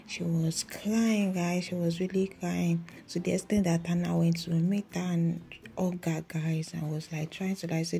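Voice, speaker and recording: A woman's voice: lowish voice, level tone, unhurried, vocal fry, slightly rough. A woman hosting a reaction video, recapping a drama episode in casual chat, saying "guys" a lot and reading lines aloud. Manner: keeps saying "guys," reads out subtitle lines, soft near-whisper at times.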